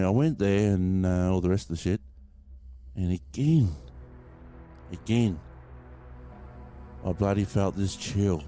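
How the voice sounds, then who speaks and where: A man with a low, mellow voice hosts a podcast, rambling casually through a story and swearing freely as he speaks to his listeners.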